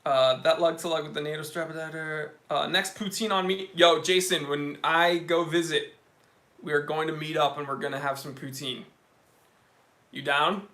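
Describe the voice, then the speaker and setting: Excitable young male host for a live chat stream; high, bright voice, casual and comment-driven. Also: normal speed. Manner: excitable, reading out viewer comments. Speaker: watch channel host.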